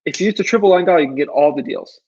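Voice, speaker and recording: A man's voice: on the high side, very fast, darkish tone, husky, lo-fi sound. A man hosting a casual livestream Q&A, rambling and pleading, with many ums and restarts. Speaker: livestream Q&A host.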